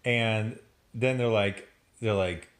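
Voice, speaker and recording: A man's voice: fairly low pitch, slow pace. A man giving a casual, sarcastic review of a TV episode, laughing often as he picks it apart. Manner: sarcastic, animated, laughs a lot. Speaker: TV show reviewer.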